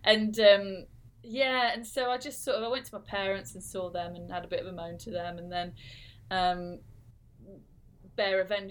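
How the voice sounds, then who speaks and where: Woman in her 30s rambling through a story on a podcast, lots of likes and ums, mid-pitched voice. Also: fairly even intonation, normal speed. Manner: chatty, storytelling with many fillers and restarts. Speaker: podcast co-host. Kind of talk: casual chat.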